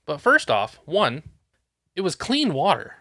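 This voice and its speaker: A man's voice: on the high side, wildly swooping pitch, measured pace, bright, forceful tone, dry recording, studio quality. A man telling a work story in casual chat, ranting and swearing with exasperation.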